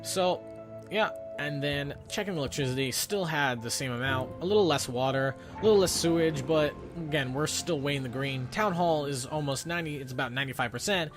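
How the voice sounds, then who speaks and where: A young man chatting his way through a gameplay recording in a loose, rambling style. He keeps acting out his own thoughts as quotes and drifts from point to point. Game music plays clearly behind his voice. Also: a little high, brisk. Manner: rambling, self-narrating with quoted inner thoughts. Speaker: gameplay commentator. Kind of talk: casual gameplay commentary.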